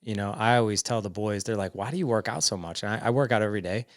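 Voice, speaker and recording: Man in his 40s, podcast guest, lowish voice, dry close recording, chatty storyteller. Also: fast talker, dry recording. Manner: animated, quotes family dialogue in stories. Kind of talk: casual storytelling chat.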